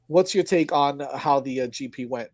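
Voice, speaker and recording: A man hosts a casual sports chat show in an upbeat, rambling way, often circling back on his words. His voice sits at a middle pitch. The sound is dry and close, with no room around it. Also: normal speed, no echo. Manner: rambling, upbeat, many restarts. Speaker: podcast host.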